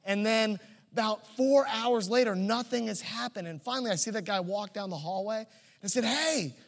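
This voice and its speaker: A man's voice: high-pitched, brisk, long reverb tail. A man preaching a sermon, telling a personal story in a conversational, humorous way. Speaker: pastor.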